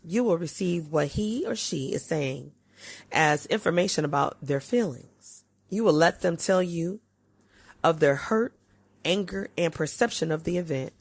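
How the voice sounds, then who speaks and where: A woman podcast host reading aloud from a relationship book, with expressive swings in pitch and loudness. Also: creaky, slightly rough, dry recording.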